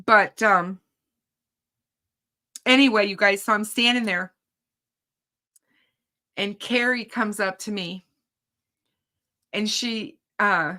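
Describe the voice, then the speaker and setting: A woman's voice: mid-range voice, takes it slowly, pauses often, bright, forceful tone. A woman hosting a true crime channel, telling viewers about her day in court in an emphatic, indignant casual way.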